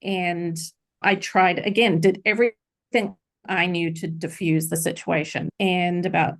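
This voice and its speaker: A middle-aged woman with a low, gravelly voice recounts a painful chapter of her life as a podcast guest. She talks earnestly and reflectively, in a personal interview tone. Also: steady tone, measured pace, fairly bright tone.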